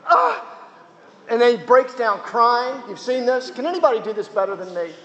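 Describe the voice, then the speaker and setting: A man's voice: very high voice, fairly quick, a bit bright. A male chaplain giving an informal teaching to students, chatty, with asides to the audience. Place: chapel hall. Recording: echoey hall, dull lo-fi sound.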